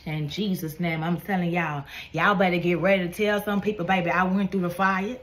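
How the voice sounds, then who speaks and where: A woman's voice: on the low side, fairly even intonation, fairly quick, hardly any pauses. Fervent woman preaching a prophetic word. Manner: fervent, repeats "come on now" and "baby". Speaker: online prophetic minister.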